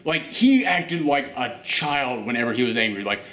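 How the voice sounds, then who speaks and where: A man hosting a casual reaction show, talking in an animated, chatty way with lots of fillers. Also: mid-range voice, normal speed, roomy sound. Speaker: host.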